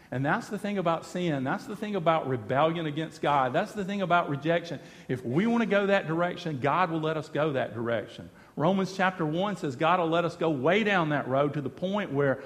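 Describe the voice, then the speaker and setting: A man's voice: a little high, expressive, fairly quick, few pauses, long reverb tail. A man preaching a sermon, repeating phrases for emphasis and speaking quoted lines of God and the people. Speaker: pastor.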